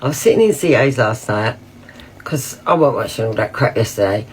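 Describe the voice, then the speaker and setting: A woman's voice: very deep voice, animated, brisk, a little hiss or hum. A woman speaking on a livestream, telling her side bluntly and colloquially. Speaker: guest on a livestream. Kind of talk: casual argumentative chat.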